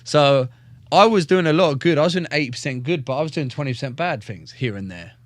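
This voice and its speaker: A man's voice: a little high, animated, quick pace, no echo, clean studio sound. A man, a professional fighter, telling his life story as a podcast guest in a blunt, profane, joking way, often stumbling and repeating words. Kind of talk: casual storytelling in a podcast interview.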